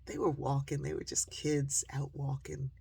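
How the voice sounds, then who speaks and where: Gravelly-voiced woman storyteller with a deeply husky tone, speaking straight to the audience and giving the people in her story their own voices. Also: normal speed. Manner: lively storyteller who acts out quoted voices.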